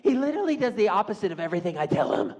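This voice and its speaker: A man's voice: high voice, big pitch swings, rapid-fire, darkish tone. A man voicing a young girl who whines to her mother about her brother. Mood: whiny. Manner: whiny, complaining.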